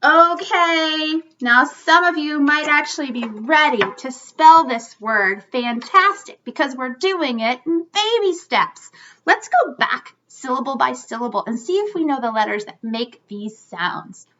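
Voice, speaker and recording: A woman teaching young children a phonics lesson, sounding out words slowly and encouragingly. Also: high voice, expressive, bright, forceful tone, highs cut off.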